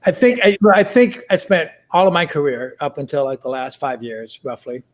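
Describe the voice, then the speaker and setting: A man's voice: a little high, big pitch swings. A middle-aged man talking casually as an interview guest, with many fillers and restarts. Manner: halting, full of fillers and restarts.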